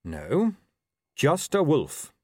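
A man's voice: fairly high pitch, wildly swooping pitch, extremely slow, slightly rough, no echo, clean studio sound, pitched above the performer's own voice, full character voice. A man voicing a blunt young woman werewolf with a curt, sarcastic way of speaking. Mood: dry.

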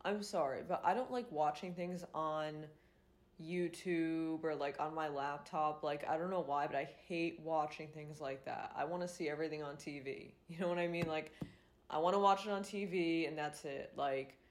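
A woman's voice: deep voice, fairly even intonation, moderate pace. A young woman hosting a podcast in casual, rambling chat, sounding congested and nasal, full of fillers and swearing. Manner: rambling, lots of "like" and "um", swears freely. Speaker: podcast host.

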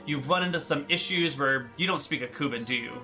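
A male game master with a very bright, slightly high voice, narrating the scene in a loose, rambling way. Faint music sits under his talk. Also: fairly quick. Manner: casual, rambling narration with filler words.

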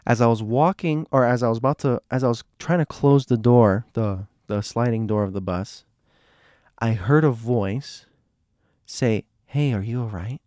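A man's voice: medium pitch, a little slow, darkish tone, no room sound. Young guy rambling on, keeps going off topic, dry close sound. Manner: rambling, digressive, restarts often. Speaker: storyteller talking to viewers. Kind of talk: casual rambling monologue.

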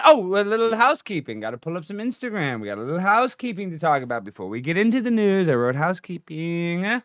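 A man hosting a comedic livestream, brash and boastful, jumping between loud shouting and low mumbling. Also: sing-song, fast, hardly any pauses, dry recording, studio quality. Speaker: livestream host.

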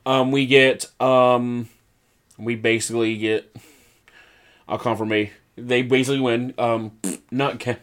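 A man in casual recap chat, talking through wrestling segments with energy. His voice sits at an average pitch, and he keeps breaking into quick impressions of the wrestlers he describes. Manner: animated, mimics wrestlers in quick put-on voices. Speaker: podcast co-host.

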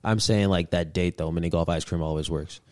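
A man's voice: deep voice, fairly even intonation, a little fast, a little mellow, dry recording, clean studio sound. A man as a podcast guest, telling dating stories in casual chat, laid-back and slangy, laughing often.

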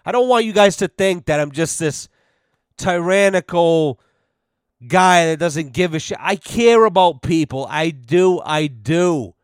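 Young male podcast host, profane sarcastic rambler, slightly high voice, dry close recording. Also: animated, a little slow, clean tone, no room sound. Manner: profane, rambling, sarcastic, lots of "you know". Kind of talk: casual comedic rant.

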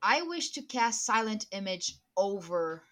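A woman playing in a tabletop game, excitable and hedging with fillers. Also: mid-range voice, unhurried. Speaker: player.

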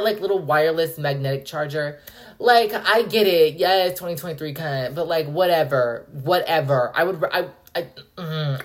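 Low-voiced woman ranting on a podcast. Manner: profane, animated, rambling with frequent "like". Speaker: podcast host. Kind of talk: casual solo podcast rant.

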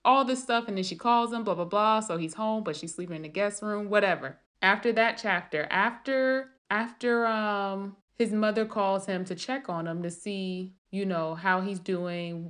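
A woman's voice: medium pitch, moderate pace, fairly bright tone. A woman writer rambling through a casual late-night monologue, thinking aloud with many restarts and trailing thoughts.

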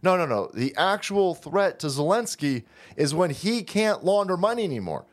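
A man's voice: high-pitched, sing-song, normal speed. A man hosting a profane political rant, sarcastic and combative in manner. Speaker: political commentary host.

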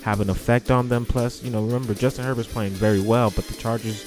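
A man's voice: mid-range voice, fairly even intonation, fast, a little mellow, faint music behind. A man hosting a casual podcast, who repeats words for emphasis. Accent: New York. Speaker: podcast host.

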